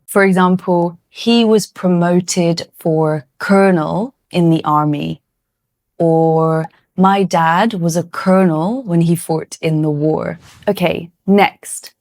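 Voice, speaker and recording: A woman teacher walks learners through tricky words at an unhurried, deliberate pace, drawing out each word so it can be repeated. Her voice sits a little low, and the recording is dry and close, with no room sound. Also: darkish tone, no echo. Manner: slow, clear and encouraging, stretching out target words. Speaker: English pronunciation teacher. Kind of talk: scripted pronunciation lesson.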